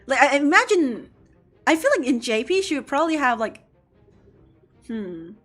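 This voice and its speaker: A young woman streamer chatting casually while gaming, chatty and excitable, filling her talk with "like" and "I don't know". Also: high voice, moderate pace, faint music behind.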